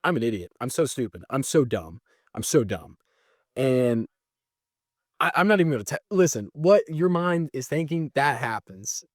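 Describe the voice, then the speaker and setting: A man telling a personal story in a casual, animated way, mocking himself and jumping high when exasperated. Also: normal speed, dry recording, clean studio sound. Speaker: storyteller recounting a breakup.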